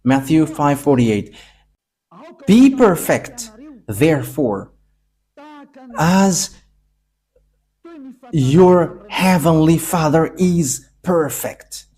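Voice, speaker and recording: A man from Madagascar, preaching a sermon in emphatic, halting English with frequent pauses. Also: fairly high pitch, dark tone.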